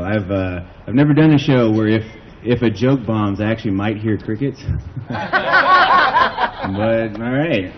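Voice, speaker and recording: Animated rambling stand-up comic man. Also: medium pitch, lo-fi sound, background noise. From United States. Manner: rambling, self-deprecating, heavy use of "like". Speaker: stand-up comedian. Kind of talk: stand-up comedy set. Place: outdoor backyard show.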